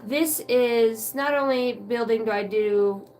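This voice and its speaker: A woman's voice: fairly high pitch, takes it slowly, a little mellow, far from the mic, soft background music, low-quality recording. A woman hosting a card-reading livestream, venting in a rambling, profane way and chatting with viewers by name. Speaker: oracle card reader and livestream host. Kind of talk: casual livestream rant.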